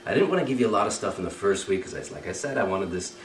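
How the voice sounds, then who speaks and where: A man's voice: on the low side, expressive, very fast, reverberant, distant mic, a little hiss or hum, rough recording. A man teaching a recorded training lesson, explaining step by step and often checking with "right?" and "okay?". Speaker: communication trainer.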